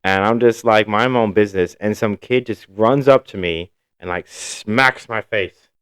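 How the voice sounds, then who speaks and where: A man's voice: lowish voice, moderate pace, fairly bright tone, smooth, no room sound, clean studio sound. A man from Ohio, co-hosting a podcast and telling stories casually, swearing freely. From Ohio, USA. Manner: loose storytelling, swears freely. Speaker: podcast co-host. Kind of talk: casual chat.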